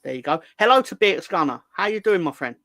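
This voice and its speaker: A man hosting a casual live chat, reading out viewer comments in a playful, rambling, excitable way. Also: high-pitched, fast talker, dry recording. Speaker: host.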